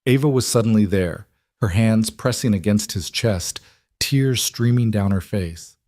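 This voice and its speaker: A man narrating a dramatic story in a steady, scripted storytelling manner. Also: lowish voice, a little slow, dry recording, studio quality.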